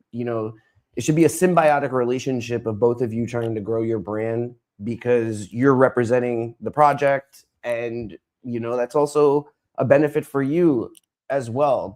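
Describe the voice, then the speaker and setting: A man who is a streamer, talking as a guest in a casual interview and telling stories in an animated way. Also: medium pitch. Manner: animated storyteller, acts out dialogue.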